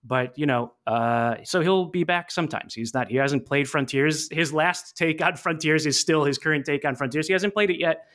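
A man's voice: a little high, normal speed, hardly any pauses, fairly bright tone. Upbeat man hosting a podcast. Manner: upbeat, jokey, introduces guests. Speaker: podcast host. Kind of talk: casual podcast chat.

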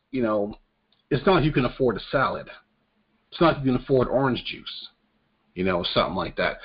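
A man hosting a podcast rants about the news in crude, profane terms and jokes as he goes. His voice sits at an ordinary middle pitch. The recording is dull and lo-fi. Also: husky. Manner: crude, profane, joking rant. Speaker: podcast host. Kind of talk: casual political commentary. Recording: dull lo-fi audio.

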